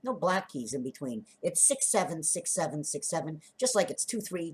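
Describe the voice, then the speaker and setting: A woman's voice: sits low, very animated, moderate pace, hardly any pauses, slightly rough. A woman vlogger talking in a rambling, free-associating monologue, laughing often and counting out numbers and letters as she sketches.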